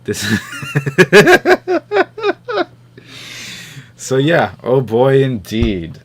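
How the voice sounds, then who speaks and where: A man's voice: on the low side, normal speed. A man from the New York area hosting a casual podcast chat, rambling and swearing freely with lots of fillers. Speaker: podcast host. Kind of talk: casual chat over a call.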